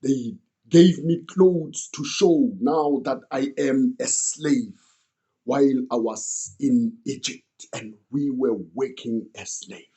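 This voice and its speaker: Man, first-person storytelling, earnest, mellow, slow delivery. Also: medium pitch. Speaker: student retelling a story.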